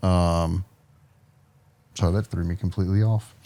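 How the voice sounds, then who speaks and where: Rambling low-pitched man on a podcast. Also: steady tone, normal speed, warm tone. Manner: rambling, lots of ums and uhs, jokey. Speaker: podcast co-host. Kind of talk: casual chat.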